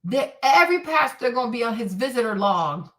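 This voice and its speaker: A woman hosting a livestream, giving blunt, profane, animated commentary. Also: on the high side, brisk, distant mic. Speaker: host.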